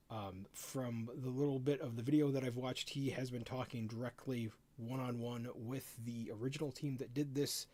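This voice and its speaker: Excitable stammering middle-aged man. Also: mid-range voice. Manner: excitable, stammers and repeats words. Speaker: streamer reviewing a game rulebook. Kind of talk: casual live-stream commentary.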